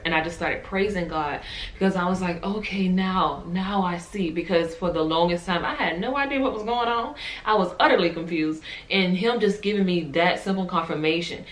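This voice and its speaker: A young woman vlogger telling a personal faith testimony, animated and emotional, talking straight to her viewers. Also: on the low side. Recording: echoey room.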